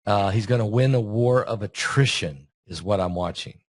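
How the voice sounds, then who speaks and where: A man's voice: lowish voice, moderate pace, no room sound, studio quality. A man hosting a casual conversation, chatty and asking leading questions. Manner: chatty, asks leading questions, many fillers. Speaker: host and preacher.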